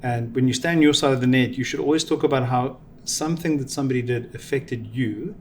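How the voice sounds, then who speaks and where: A middle-aged man giving reflective, measured answers in an interview, explaining ideas with examples. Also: medium pitch, darkish tone, a little hiss or hum. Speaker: venture capital guest.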